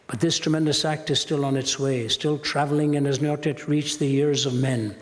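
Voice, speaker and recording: A man's voice: fairly high pitch, fairly even intonation, normal speed, hardly any pauses. A man giving a public lecture, reciting passages with dramatic, building intensity. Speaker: Christian apologist speaker. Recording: long reverb of a large hall.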